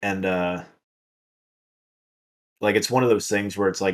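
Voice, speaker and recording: A man's voice: low-pitched, a little slow, long pauses. A man co-hosting a podcast, telling a story in laid-back casual chat, full of fillers. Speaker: podcast co-host.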